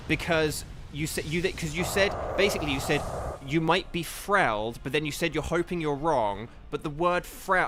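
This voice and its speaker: A young man live-streaming a game and chatting, excitable and flustered, rambling with lots of fillers. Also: on the high side, normal speed. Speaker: streamer and voice actor. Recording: faint game music behind.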